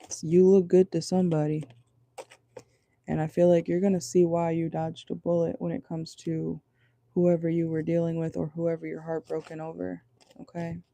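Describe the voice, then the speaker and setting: A man's voice: a little high, completely flat delivery, normal speed, gravelly, mellow. A man giving a casual tarot reading from a parked car, chatty and reassuring, tagging lines with "okay?". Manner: loose, chatty, reassuring, many fillers like "okay?". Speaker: tarot reader.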